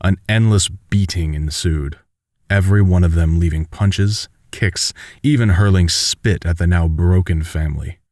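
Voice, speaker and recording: A man narrating a fan-made audiobook in a steady, even reading style. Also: sits low, measured pace, dry recording, clean studio sound.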